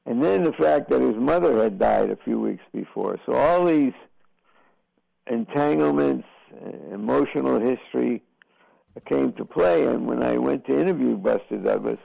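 An older man, a boxing broadcaster, answering interview questions in a slow, halting, reflective way with many fillers. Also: mid-range voice, animated, vocal fry, dark tone, no echo, highs cut off.

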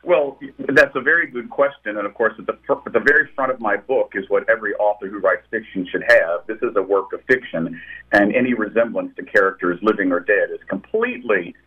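A novelist guest, speaking in a lowish, fairly quick and slightly rough male voice, answers interview questions and tells stories about his books. He is thoughtful and keeps restarting his sentences, and the whole thing comes through a tinny phone line.

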